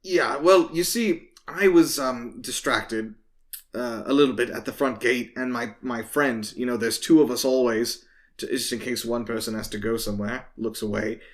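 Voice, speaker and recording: A man's voice: medium pitch, moderate pace, natural voice. A man voicing a tall, skinny male town guard who is out of breath and stammers out rambling excuses. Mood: flustered.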